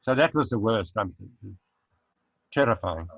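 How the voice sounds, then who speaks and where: A former dancer answers interview questions casually over a video call, halting, searching for words, and chuckling. His voice is on the low side with lively intonation and no echo. The call audio is dry, dull, and lo-fi.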